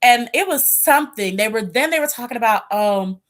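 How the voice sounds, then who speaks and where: A woman's voice: a little high, normal speed. Chatty woman gossiping to camera. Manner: animated gossipy storytelling with slang asides. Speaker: tarot reader and channel host. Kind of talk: casual chat to camera.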